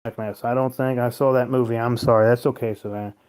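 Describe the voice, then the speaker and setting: A man hosts a casual livestream from home, speaking briskly in a steady, mid-range voice with a darkish, clear and resonant tone. He talks loosely and rambles between viewer comments, swearing freely and laughing often.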